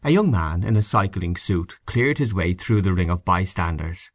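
A man giving a measured, expressive reading of a short story as its narrator. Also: low-pitched, no room sound, studio quality. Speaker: audiobook narrator.

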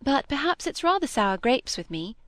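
A woman's voice: high-pitched, big pitch swings, normal speed, fairly bright tone, no echo, studio quality, pitched above the performer's own voice. A woman reading aloud, voicing an earnest, plain-spoken young woman.

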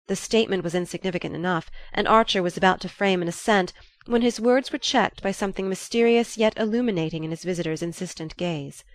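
A woman reading a classic novel aloud in a measured, even narration. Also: lowish voice, no echo. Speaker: audiobook narrator. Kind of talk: scripted narration.

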